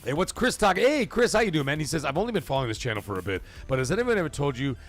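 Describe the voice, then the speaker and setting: A man's voice: a little high, very fast, faint music behind. A man hosting a casual live stream, swearing freely and telling rambling stories while reading viewer comments. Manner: profane, rambling, animated storyteller. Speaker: livestream host.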